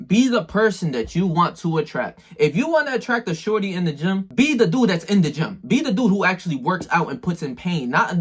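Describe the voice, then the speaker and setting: A man's voice: fairly high pitch, breathy edge. A man talking straight to the viewer in a casual motivational monologue, full of slang and swearing. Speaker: self-improvement video maker.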